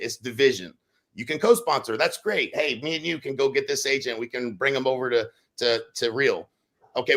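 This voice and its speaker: A man speaks in a bright, forceful voice. He talks casually and keeps things animated, breaking into loud acted-out quotes as he tells stories on a podcast. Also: medium pitch. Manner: animated, acts out quotes with sudden loud bursts. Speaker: real estate brokerage leader on a podcast.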